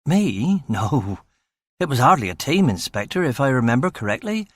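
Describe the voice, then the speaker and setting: A man's voice: medium pitch, sing-song, moderate pace, dry recording, studio quality. A man doing a breezy young constable. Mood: chatty. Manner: breezy, upbeat, talkative. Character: young eager chatty male English police constable.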